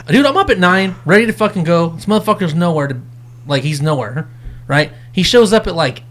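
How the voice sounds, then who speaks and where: High-voiced man telling a profane story. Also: a little fast. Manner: profane, animated, acts out quotes. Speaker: podcast co-host. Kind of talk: casual storytelling chat.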